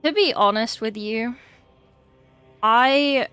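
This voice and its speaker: A woman's voice: fairly high pitch, slow, sharp tone, smooth, soft background music. An English woman chatting casually on a livestream, chatty and swearing freely with exasperated asides. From England. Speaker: streamer.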